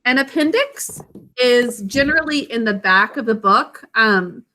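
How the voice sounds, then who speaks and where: Woman teacher, higher voice, bright and clear, patient, stretches out syllables, praises kids by name. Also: lively intonation, unhurried, a little hiss or hum. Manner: encouraging, praises students by name. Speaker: elementary school teacher. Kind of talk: classroom literacy lesson.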